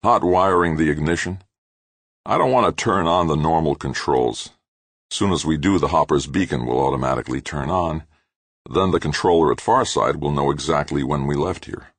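A man with a low, creaky voice reading an audiobook, voicing a ruthless male astronaut with a curt, forceful manner. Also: normal speed, no room sound.

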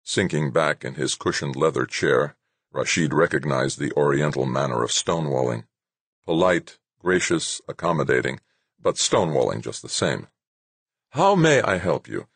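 A man narrating an audiobook in a measured, expressive way. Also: rumbling low, breathy edge, dry recording. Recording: dry close recording.

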